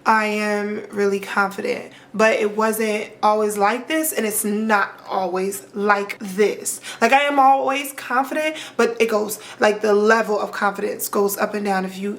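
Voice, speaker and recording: Young woman vlogger, middle-pitched voice, chatty and slangy, talking to cam like to her friends. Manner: chatty, animated, heavy colloquial slang. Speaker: lifestyle vlogger. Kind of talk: casual chat to camera.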